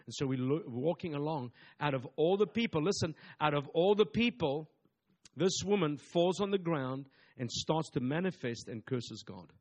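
A man's voice: a little high, lively intonation, normal speed. A man, a pastor preaching a sermon emphatically, with repetitive phrasing and call-and-response asides.

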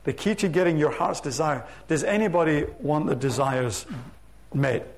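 A man preaching a sermon to his church, reading scripture aloud with slow, emphatic stress. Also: a little high, creaky. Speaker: pastor. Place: church sanctuary.

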